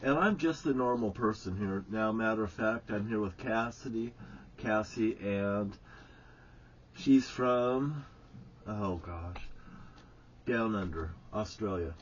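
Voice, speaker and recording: A man's voice: on the low side, takes it slowly, a little hiss or hum. Rambling chatty man, dull lo-fi sound. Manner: meandering, chatty, full of asides and restarts. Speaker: vlogger. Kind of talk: casual rambling storytelling. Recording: dull lo-fi sound with faint ambience.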